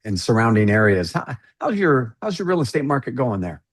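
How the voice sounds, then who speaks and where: A man's voice: medium pitch, big pitch swings, brisk, husky. Man hosting the show, mid-range voice, upbeat and encouraging with his guests. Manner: encouraging, enthusiastic reactions. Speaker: podcast host. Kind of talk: casual interview conversation.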